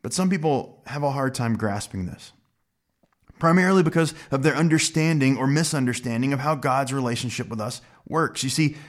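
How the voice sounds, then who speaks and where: A man preaching a sermon in an earnest, emphatic way, slowing down to stress key words. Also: mid-range voice. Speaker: pastor.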